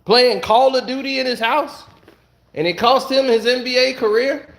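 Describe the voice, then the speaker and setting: A man's voice: very high voice, steady tone, normal speed, gravelly, fairly bright tone. A man giving a heated solo commentary from home, blunt and angry, firing off rhetorical questions. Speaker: online commentator.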